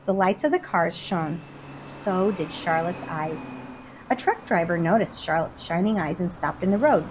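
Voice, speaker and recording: Lively woman reading a storybook. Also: fairly low pitch, normal speed, background noise. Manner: expressive and lively. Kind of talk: children's storybook read-aloud.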